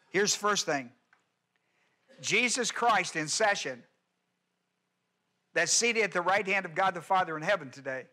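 Male preacher, high bright voice, emphatic sermon delivery that rises loud and drops soft. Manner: emphatic preaching with repetition, swings from loud to hushed. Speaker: pastor.

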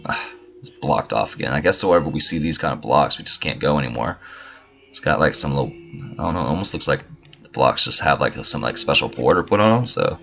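A man with a very deep, gravelly voice that still comes through bright, chatting through a gameplay video. He swears freely and throws in mock-indignant asides. The recording is dull and lo-fi. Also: lively intonation, a little fast. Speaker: gamer. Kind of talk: casual let's-play commentary.

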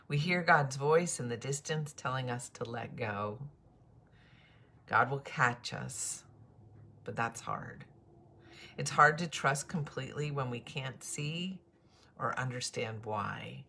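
Low-voiced, husky woman pastor. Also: slow pace, long pauses, bright, forceful tone. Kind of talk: morning devotional talk.

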